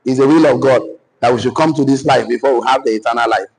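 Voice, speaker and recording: A man with a Nigerian accent teaching a business class, repeating each phrase slowly so listeners can write it down. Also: mid-range voice, creaky, darkish tone, husky, poor audio. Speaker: business coach. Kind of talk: dictated teaching session.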